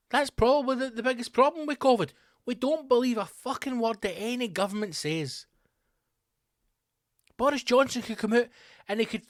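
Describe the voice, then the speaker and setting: A man hosting a comedy podcast, telling a rambling story with sudden loud, incredulous outbursts. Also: sits high, no echo, clean studio sound. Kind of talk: comedic monologue.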